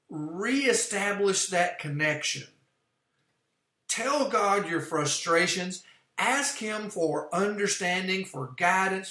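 A man preaching a sermon, teaching from an outline in an earnest, measured way and explaining his points step by step. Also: high-pitched, fairly bright tone. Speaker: pastor. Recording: echoey room.

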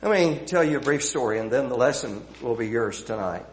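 Middle-aged male preacher, earnest sermon delivery, emphatic builds, soft hushed phrase endings. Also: mid-range voice, animated, brisk.

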